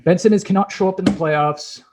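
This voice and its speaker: A man's voice: high voice, brisk, a little mellow, a little hiss or hum. A young man co-hosting a sports podcast, brash and opinionated, casually swearing as he talks playoff picks.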